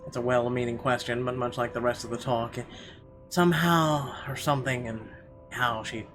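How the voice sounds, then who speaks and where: A man at a middle pitch reading a horror game's narration aloud for viewers, expressive and measured in the story parts. Game music runs faintly behind him. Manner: expressive reading, bursts into profane yelling rants. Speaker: let's player.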